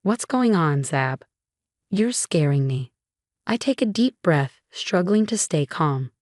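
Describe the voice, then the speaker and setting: Woman narrator for a first-person family drama, lower voice, dry close sound, does all the dialogue herself. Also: animated, takes it slowly, darkish tone, no room sound. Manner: reads other characters' lines in her own voice.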